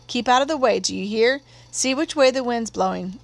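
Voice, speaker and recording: A woman reading an audiobook, voicing a calm, gentle father who speaks in a steady, unhurried way. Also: a little high, creaky, dry recording.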